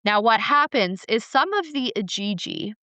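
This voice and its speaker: Smooth-voiced woman telling stories on a podcast. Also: on the high side, normal speed, dry recording. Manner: animated, acts out characters, playful. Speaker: podcast co-host. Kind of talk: casual storytelling chat.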